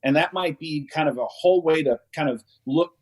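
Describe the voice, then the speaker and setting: A man's voice: a little high, a little fast, low-quality recording. A man co-hosting a casual conversation, talking in long rambling sentences with many restarts and fillers. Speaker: co-host.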